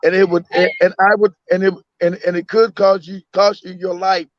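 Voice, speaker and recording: A man's voice: high-pitched, flat delivery, normal speed. A man from the United States talking emphatically in a casual chat, often repeating himself and acting out a parent's words. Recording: dull lo-fi sound.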